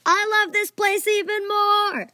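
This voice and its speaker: A woman's voice: mid-range voice, big pitch swings, slow, a little mellow, husky, no echo, studio quality, exaggerated voice. A woman doing a gleeful kitten-loving boy. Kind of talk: storybook character voice.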